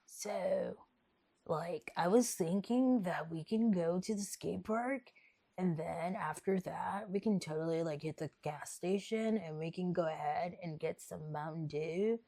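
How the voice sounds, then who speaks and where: A woman's voice: on the low side, a little slow, dark tone. A woman doing a drawling skater dude. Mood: laid-back. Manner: drawling slacker surfer-dude talk. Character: laid-back young male skater who loves soda.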